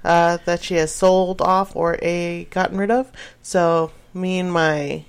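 Woman, co-host, slow drawl, low-ish, teasing and giggly. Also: flat delivery, smooth. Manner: laughing, teasing interjections. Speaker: podcast co-host. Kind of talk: casual podcast banter.

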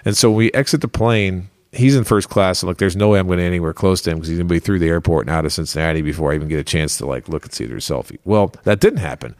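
Fast-talking man telling a story. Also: low-pitched, dry recording, studio quality. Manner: animated, rambling, heavy on fillers. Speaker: podcast host. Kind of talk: casual storytelling chat.

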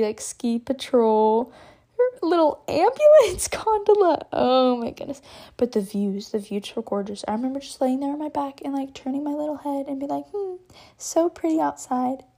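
A young woman from Texas talks through a personal story as a podcast host, chatty and animated. Her voice sits a little high but sounds soft and mellow rather than bright. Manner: chatty, animated, many "like" fillers and laughs. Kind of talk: casual storytelling.

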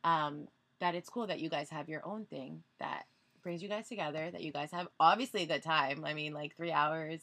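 A woman's voice: sits low, fairly even intonation, moderate pace, fairly bright tone. A woman talking as a podcast guest in easygoing casual chat. She leans on filler words and keeps an encouraging, sincere tone toward her hosts. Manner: chatty, heavy on "like" fillers, encouraging.

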